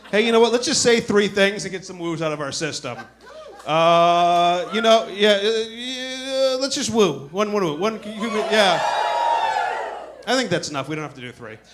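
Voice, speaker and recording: A man performing a stand-up comedy set on a club stage, telling a story in an animated way and acting out other people's voices. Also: high-pitched, moderate pace, noisy background. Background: audience laughter.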